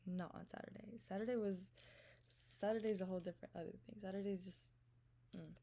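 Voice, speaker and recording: A young woman telling a storytime rant to her viewers, animated, swearing freely and acting out what was said. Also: medium pitch, brisk, vocal fry, a little hiss or hum. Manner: animated, swears freely, acts out quoted texts. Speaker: vlogger.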